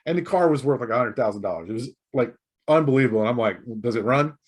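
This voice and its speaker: A middle-aged man from the United States, a guest on a podcast, tells a story with a slightly husky, breathy voice. His pitch bounces around a lot as he tells it. He throws in chuckles and quick asides along the way. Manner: animated anecdote-telling with laughs and asides.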